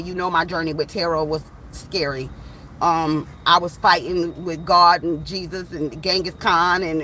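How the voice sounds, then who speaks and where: A woman tarot reader chatting casually to her viewers outdoors, animated and swearing freely as she tells stories. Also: lowish voice, slight background noise, rough recording. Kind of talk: casual storytelling vlog.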